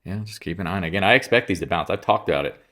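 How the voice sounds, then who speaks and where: Blunt, offhand market talk comes from a congested man who keeps clearing his throat and interrupting himself as he rambles casually. His voice sits low, a bit bright, and he speaks very fast.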